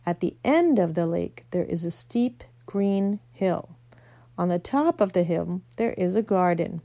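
A woman voicing a wise and commanding lion in a storybook reading, slow and solemn. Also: medium pitch, dark tone.

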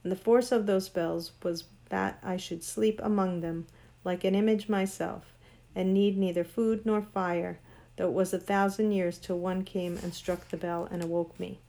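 A woman's voice: fairly low pitch, steady tone, moderate pace, creaky, warm tone. A woman voicing Queen Jadis, an imperious sorceress queen. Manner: grand, cold, commanding. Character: proud ancient female sorceress queen, imperious. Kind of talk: storybook reading.

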